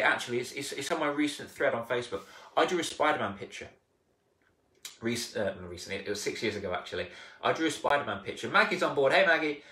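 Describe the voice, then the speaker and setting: A man coaching casually on a live stream, animated, acting out little scenes and repeating himself. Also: medium pitch. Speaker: confidence coach. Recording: roomy, distant mic.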